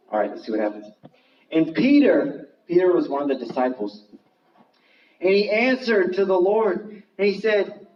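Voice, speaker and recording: Animated man preaching to kids. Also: fairly high pitch, normal speed, pauses often, a little hiss or hum. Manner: animated and dramatic, acting out quotes. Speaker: children's preacher. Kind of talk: Bible story sermon for children. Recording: distant roomy dull recording.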